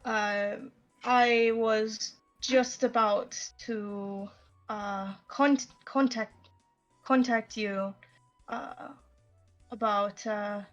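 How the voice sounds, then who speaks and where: A woman's voice: fairly high pitch, fairly bright tone, dull audio, faint music behind. A woman doing a sleazy noble crime boss. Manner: hesitant, halting, tries a German accent.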